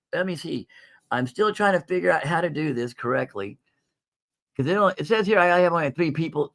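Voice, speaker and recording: A man's voice: high-pitched, gravelly, a bit bright. A man hosting a casual livestream sale of coins and jewelry, chatty and folksy, calling viewers "folks.". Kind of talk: casual live sales stream.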